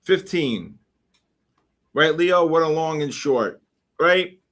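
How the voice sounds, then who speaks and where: A man hosting a live trading stream, calling price levels and teasing viewers in chat with excitable, repetitive banter. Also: on the high side, takes it slowly. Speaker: livestream trading host.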